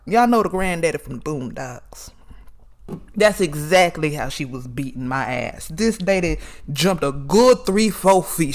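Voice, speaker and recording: Animated, profane storyteller man. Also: fairly high pitch. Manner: animated, profane, calls listeners girl and y'all. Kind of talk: comedic personal storytelling.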